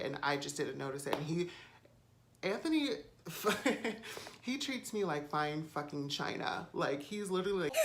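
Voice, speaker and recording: There's slight background noise as this woman vlogger records at home on a phone camera. Her low-pitched voice has a fairly bright tone, and she tells her story in a loose, chatty way, full of fillers and swearing.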